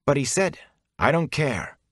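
A man's voice: fairly high pitch, sing-song, unhurried, no room sound, studio quality, voice pushed up. A man voicing a gloomy young male companion in an audiobook, growling his words. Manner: growling, fearful.

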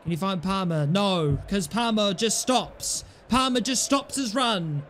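A man's voice: high-pitched, unhurried, fairly bright tone, slight background noise. A young man playing a football video game and commentating, frustrated and swearing at his players. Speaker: gaming YouTuber.

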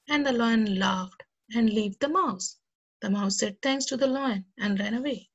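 Her voice is a little high and breathy, and she never hurries. She is teaching little kids and reading them a story, chatting to them directly in a cheerful way.

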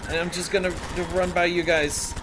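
A man's voice: high-pitched, little pitch movement, moderate pace, background noise. A man hosting a let's play, giving rambling, playful gameplay commentary and joking at his own expense. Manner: rambling, playful, jokes at himself. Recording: game sounds under the voice.

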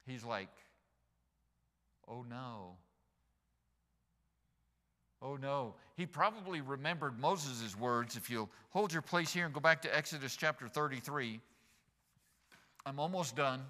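A male pastor with a medium-pitched, bright and forward voice preaches an animated sermon, building to loud emphatic peaks and tossing joking asides to the congregation. His voice rings out with long reverb through a church sanctuary.

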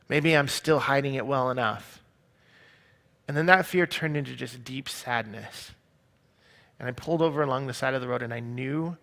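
A man's voice: medium pitch, gravelly, a bit bright. A man giving an earnest, confessional personal testimony as a sermon. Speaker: speaker sharing his testimony.

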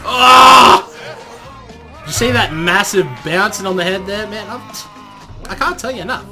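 A man giving excitable, profane live commentary over his gameplay, often bursting into shouts and laughter. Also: sits high, brisk, over music. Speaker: gaming commentator.

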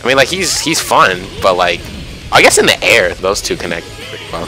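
A young man giving excited, self-mocking commentary over his own online fighting game matches, often yelling at big moments. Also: sits low, moderate pace. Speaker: gaming YouTuber. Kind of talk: live gameplay commentary. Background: background music.

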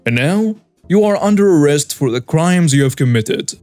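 A man reading the lines of a police commander and father, speaking calmly and firmly. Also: on the high side, normal speed, soft background music, close to an everyday voice. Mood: stern. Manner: calm, firm, unwavering.

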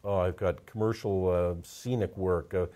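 A man, a portrait photographer, telling stories in a casual interview, halting and repeating words as he gets emotional. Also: low voice, steady tone, dark tone.

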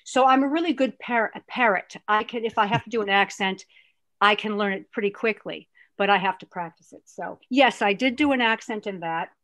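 A woman guest, an actress, chatting and telling stories in an animated way, with a lot of restarts. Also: mid-range voice, a little fast, dry recording. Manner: animated, rambling storyteller with many restarts. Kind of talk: casual interview chat.

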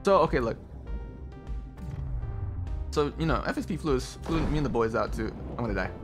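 A man's voice: medium pitch, expressive, fairly quick, over music. A man streaming a game and chatting casually, telling stories animatedly, laughing often and calling people bro. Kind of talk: casual gaming stream chat.

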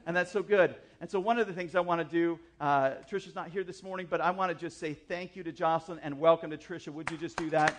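A man preaching a sermon as the church's pastor, telling a personal story in a chatty, animated way with asides and self-deprecating jokes. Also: a little high, fast talker, hardly any pauses, slight background noise. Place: church service.

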